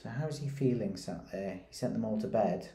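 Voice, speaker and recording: A man, a primary school teacher reading a picture book aloud and stopping to ask his pupils gentle questions. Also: fairly low pitch, gravelly. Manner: gentle, questioning, reads slowly and pauses to ask. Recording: roomy echoey recording.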